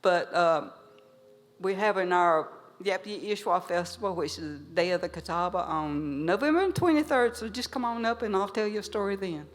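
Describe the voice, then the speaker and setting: A woman storyteller telling a traditional animal tale to a live audience, animated and lively. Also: on the low side, moderate pace, a little hiss or hum. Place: museum event hall. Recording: long hall reverb.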